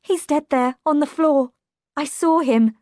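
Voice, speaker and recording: A woman voicing a frightened young woman in an audiobook, her high voice pushed up and pleading. The reading is slow and the sound dry and close. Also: steady tone, mellow, dry recording.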